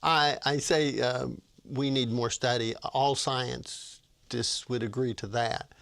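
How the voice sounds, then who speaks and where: A man's voice: mid-range voice, steady tone, slow, vocal fry, a bit bright. An older man, a retired professor, talking about his book as a guest in an interview, with frequent restarts and fillers. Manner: hesitant, many restarts and fillers. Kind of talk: casual interview talk.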